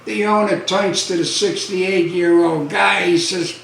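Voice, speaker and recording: A man telling a string of dirty jokes as a stand-up comedian, with a deadpan storyteller's delivery that punches the lines. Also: high voice, unhurried, gravelly, few pauses, slight background noise. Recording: roomy sound from a distant mic.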